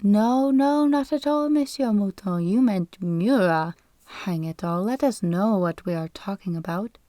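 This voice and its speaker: A woman's voice: mid-range voice, unhurried, dark tone, no room sound, clean studio sound, close to an everyday voice. A woman reading an audiobook, voicing an exasperated bearded young man who impatiently corrects the clerk.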